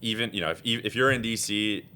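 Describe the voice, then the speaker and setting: A man speaking as the guest on a podcast interview, talking in an energetic, rambling way with many fillers and restarts. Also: lowish voice, brisk, a little hiss or hum. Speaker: guest, executive director. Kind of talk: casual interview chat.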